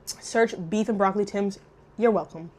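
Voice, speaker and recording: A young woman chatting casually while eating on camera, loud and profane, jumping between shrieks and low mutters. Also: moderate pace. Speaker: mukbang vlogger. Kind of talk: casual eating vlog chat.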